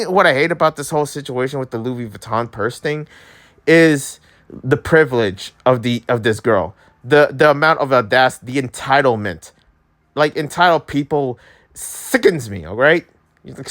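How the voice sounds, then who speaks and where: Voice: mid-range voice, fairly bright tone. A young adult vlogger ranting in an exasperated way, repeating and restarting words, with an accent that drifts around. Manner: accent drifts and shifts when angry. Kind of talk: ranting commentary vlog.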